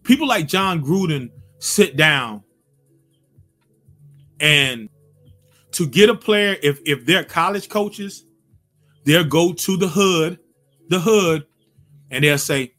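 Fired-up podcast guy, aave, kinda high voice, faint music under it. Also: takes it slowly, long pauses. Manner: animated, acts out quotes in voices, swears freely. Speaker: podcast host. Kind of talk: casual opinion talk.

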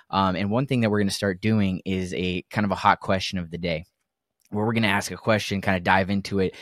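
A man's voice: lowish voice, no room sound, clean studio sound. Crude, joking male podcast host. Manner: loose, crude, joking, many fillers. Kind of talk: casual podcast chat.

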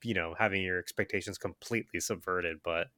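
A man's voice: low voice, fairly even intonation, a little fast, pushed and bright, no room sound, studio quality. A man speaking as a guest on a casual podcast, hesitant with restarts and frequent laughs.

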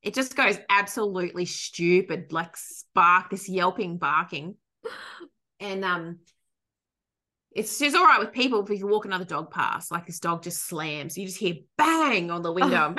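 An Australian woman, a dog trainer co-hosting a podcast, chatting casually and telling animated stories. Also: on the low side, moderate pace. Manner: animated storytelling, frequent laughter, loose swearing. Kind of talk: casual chat.

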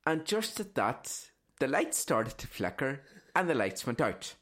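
A man's voice: medium pitch, very animated, measured pace, fairly bright tone. A man telling rambling stories on a casual podcast, swearing and tagging "right?" onto sentences. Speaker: podcast co-host. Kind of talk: casual storytelling chat.

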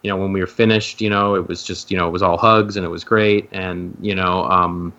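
A man's voice: low-pitched, flat delivery, brisk, sharp tone, dull audio. A man talking as a podcast guest in a rambling, casual way, full of fillers and restarts. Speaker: guest, docuseries co-creator.

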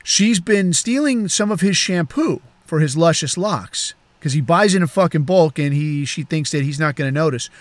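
A man's voice: on the high side, lively intonation, normal speed, hardly any pauses, no room sound. A man hosting a podcast, telling a crude story in a rambling, profane way with frequent chuckles. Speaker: podcast host.

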